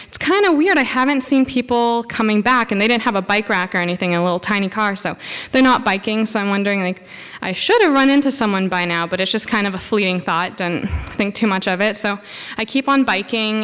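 A woman telling a personal anecdote to an audience, animated, acting out her own quoted thoughts and saying "like" often. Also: mid-range voice, smooth. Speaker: storyteller. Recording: long hall reverb.

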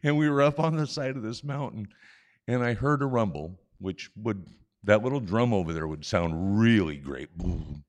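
Low-voiced older man telling a story. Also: normal speed. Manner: animated, chuckling, self-mocking. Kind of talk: live personal storytelling. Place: on stage at a live event. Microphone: stage microphone.

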